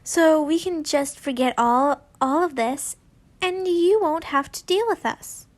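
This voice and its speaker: A woman voicing a pushy schoolgirl from a read-aloud fanfiction. She is smug and brash, speaking high and unhurried, sure she will get her way.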